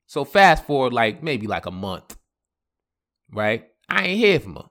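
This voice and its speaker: A man telling a personal story on his podcast, casual and animated, acting out the other people in it. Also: medium pitch, a little slow. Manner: animated, acts out quoted voices, laughs often. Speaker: podcast host.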